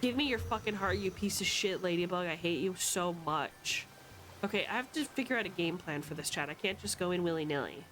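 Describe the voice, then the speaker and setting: A young adult woman streaming a video game with loud, playful, swearing commentary and frequent yells at the game. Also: lowish voice, animated, fairly quick, slight background noise. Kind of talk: casual gameplay commentary.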